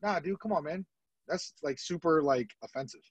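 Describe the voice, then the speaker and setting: A man co-hosting a podcast, talking in excitable, jokey bursts in casual chat. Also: a little high, moderate pace, slightly rough, no echo, low-quality recording. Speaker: podcast co-host.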